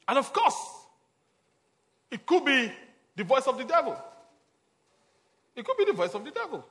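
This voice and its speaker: A man's voice: sits high, a bit bright. A man preaching a sermon as a pastor, repeating his points emphatically and chuckling between them.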